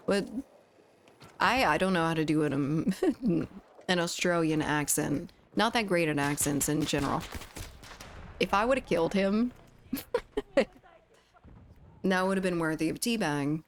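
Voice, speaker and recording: Speaking unhurriedly with long pauses, this young American streamer has a low voice with lively intonation. She chats through a gaming livestream at home, giggling and reading viewer messages aloud into a studio condenser mic that picks up a little hiss or hum.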